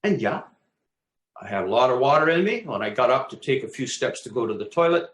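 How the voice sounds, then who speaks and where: A man's voice: mid-range voice, very animated, brisk, fairly bright tone. A man, co-host of a talk show, casually telling a vivid personal story, acting out his own exclamations and swearing freely. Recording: echoey room.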